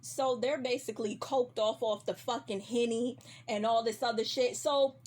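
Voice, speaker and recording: A young woman casually recapping a TV episode, animated and full of slang and cursing. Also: a little high, normal speed, a little hiss or hum. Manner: animated, slangy, heavy profanity. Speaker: recap host.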